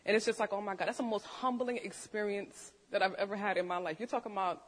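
A woman, a nurse, telling her story as a testimony to a church congregation, animated, acting out the voices of the people in it. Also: mid-range voice, fast. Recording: long hall reverb.

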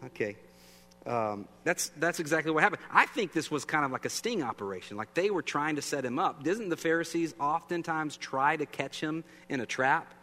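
A pastor with an animated voice on the high side preaches a sermon conversationally at a moderate pace, his tone bright and forceful. He often asks the audience questions, and the recording has long reverb and a faint hum.

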